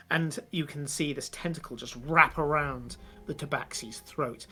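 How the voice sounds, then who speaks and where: A man narrating a tabletop game as game master, vivid but halting with many fillers. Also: on the high side, bright, forceful tone, soft background music.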